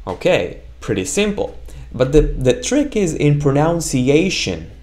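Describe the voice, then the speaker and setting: Male language teacher, unhurried delivery, expressive rise and fall, repeats sounds for learners to echo. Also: on the high side. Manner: repeats sounds slowly for the learner to echo, often checks with "right?". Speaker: Hebrew teacher. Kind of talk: slow, patient language lesson.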